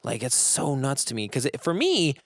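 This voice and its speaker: A man's voice: mid-range voice, huge pitch swings, moderate pace, no room sound. Casual male podcast guest, storyteller who mimics people, dry close sound. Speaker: guest, jiu-jitsu competitor.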